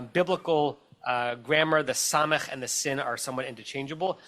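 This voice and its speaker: A man's voice: mid-range voice, bright, forceful tone. A man with an American accent, a rabbi teaching a text study class over a video call, explaining step by step and checking in with his listeners as he goes.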